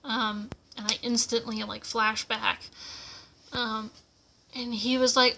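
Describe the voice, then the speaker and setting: A woman's voice: fairly high pitch, flat delivery, slow, vocal fry, pushed and bright, a little hiss or hum. A young woman from the United States telling a personal story to camera at home, casual, with lots of fillers and acted-out quotes. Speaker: vlogger.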